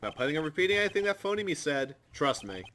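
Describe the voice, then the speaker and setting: A man's voice: fairly high pitch, sing-song, fast, fairly bright tone, a little hiss or hum, pitched above the performer's own voice. A man doing an earnest young lawyer.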